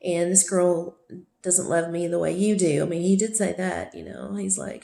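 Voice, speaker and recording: A woman's voice: medium pitch, steady tone, a little slow, gravelly, mellow. A woman telling a painful personal story in a candid, venting way, swearing freely and talking it through with herself. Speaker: vlogger. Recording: echoey room sound.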